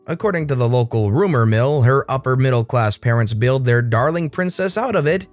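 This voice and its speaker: A man reading online stories aloud as a storytime channel narrator in a scripted, expressive style. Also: medium pitch.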